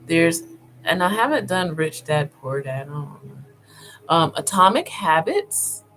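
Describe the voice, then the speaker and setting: A woman vlogger talking casually as she browses online, thinking aloud with many pauses and fillers, and speaking directly to her viewers. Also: sits low, sing-song, fairly bright tone, faint music behind, poor audio. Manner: addresses viewers informally.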